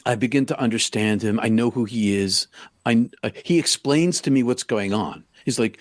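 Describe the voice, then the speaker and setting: A middle-aged man recounts a personal story in a halting way, full of stops and restarts. His voice sits at a medium pitch. It is recorded dry, with little room sound. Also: no echo. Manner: halting, full of restarts, acts out quoted lines loudly. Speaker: podcast guest.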